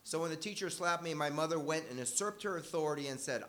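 Speaking fast with hardly any pauses, an older man tells a live audience a story from his childhood. His bright, slightly high voice moves in a loose, conversational flow full of dry humor, and he often corrects himself.

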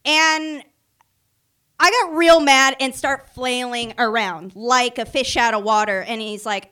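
A young woman telling a funny story about her own past to the camera, animated and self-mocking, acting out the other people's voices as she goes. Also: fairly high pitch, unhurried, clean tone. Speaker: vlogger. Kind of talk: storytime anecdote.

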